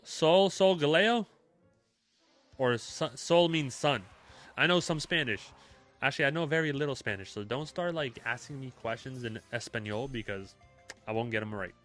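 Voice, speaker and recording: A young man chatting casually with his live-stream chat, relaxed and talkative, with many fillers. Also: mid-range voice, moderate pace, faint music behind.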